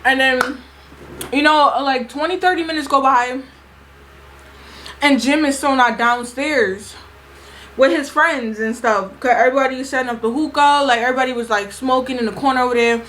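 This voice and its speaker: Animated and full of slang, a young woman vlogger tells a party story in a casual storytime video, performing everyone's lines as she goes. She speaks at a moderate pace in a high-pitched voice, and the rough recording has a little hiss or hum.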